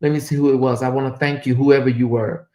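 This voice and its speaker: A woman's voice: rumbling low, steady tone, fast talker, warm tone. Blunt, profane woman livestream host. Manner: addresses viewers directly. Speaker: commentary channel host. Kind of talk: livestream commentary.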